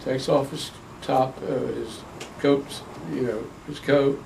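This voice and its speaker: A man's voice: mid-range voice, takes it slowly, creaky. An older man, an interviewee telling rambling family stories for an oral history, with many restarts. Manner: rambling, animated storyteller with frequent restarts. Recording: distant mic with faint background noise.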